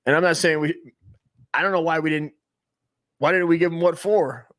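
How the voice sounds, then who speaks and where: A man's voice: on the high side, moderate pace. Rambling, profane man in his forties. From United States. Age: 40s. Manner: rambling, profane, excitable, restarts often. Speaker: comedy stream host. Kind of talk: rambling profane comic monologue.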